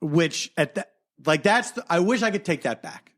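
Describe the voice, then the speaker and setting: A man co-hosting a podcast, telling a story in a casual chat. His telling is animated, swinging from low mutters to near-shouting. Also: normal speed. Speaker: podcast co-host.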